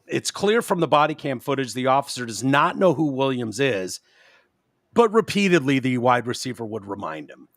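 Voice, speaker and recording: A man hosting a podcast in casual chat, animated and quick to slip into mocking impressions. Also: medium pitch, no echo, clean studio sound. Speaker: podcast host.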